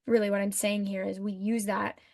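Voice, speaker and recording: Female podcast co-host, mid pitch, affirming and reflective, dry close mic. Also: flat delivery, a little fast, gravelly, a little mellow, no echo. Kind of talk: podcast conversation.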